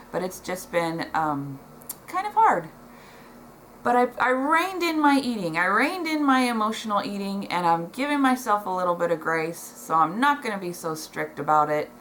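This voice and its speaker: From her home, a middle-aged woman gives a casual, heartfelt talk to the camera, reading from notes positioned below it and often saying um or starting over. Her voice is fairly low with a fairly bright tone. The audio is poor, with slight background noise.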